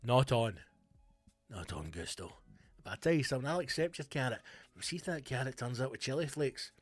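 A man hosting a podcast, delivering a comic, sweary, animated rant. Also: mid-range voice, a little fast, breathy edge, no room sound, soft background music. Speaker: podcast host. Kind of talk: comic ranting monologue.

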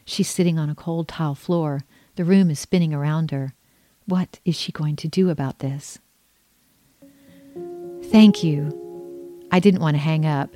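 A woman's voice: low voice, fairly even intonation, moderate pace, dark tone, soft background music. A woman reading her own memoir aloud, telling her story in an earnest, emotional first-person way.

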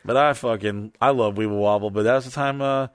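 A man's voice: lowish voice, brisk, clear, resonant tone, no room sound, clean studio sound. A man telling a rambling, profane story in casual chat.

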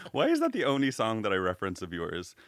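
Chatty Irish-born man with lively pitch. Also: moderate pace, dry recording. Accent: mixed Irish and American. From Ireland. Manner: chatty storyteller, laughs often, swears freely. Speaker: podcast co-host. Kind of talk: casual chat.

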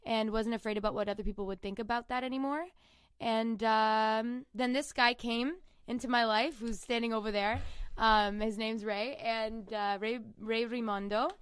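A woman's voice: a little high, steady tone, moderate pace, clear, resonant tone, dry recording. A young woman in her twenties from Canada, a singer-songwriter guest chatting in an interview, rambling with lots of fillers. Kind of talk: casual interview chat.

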